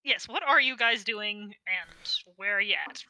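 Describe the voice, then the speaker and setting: A woman running a tabletop role-playing game as game master, explaining rules and outcomes in a measured, wry way. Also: mid-range voice, bright, forceful tone, no echo, poor audio.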